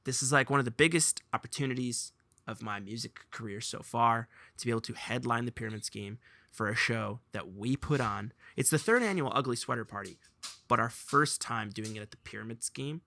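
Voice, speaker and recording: A young man hosting a casual podcast chat, telling stories with lively, laughing energy. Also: mid-range voice, brisk, gravelly, no room sound. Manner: animated storyteller, laughs while telling. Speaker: podcast host.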